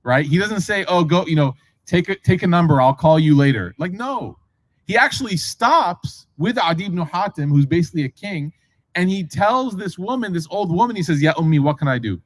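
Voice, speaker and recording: A man's voice: high voice, moderate pace, dry recording, poor audio. A man telling a religious story in a casual lecture style, acting out the voices of the people in it with many asides to the audience. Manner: animated storyteller, acts out quoted voices, frequent asides. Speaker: preacher.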